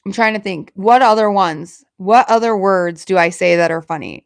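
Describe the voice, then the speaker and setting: A woman with a Southern Alabama accent, chatting casually with viewers on a livestream. She talks quickly, running her words and sounds together. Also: medium pitch, expressive, no echo, clean studio sound. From Alabama, USA. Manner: chatty and self-deprecating. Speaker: livestream host. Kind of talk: casual live-stream chat with viewers.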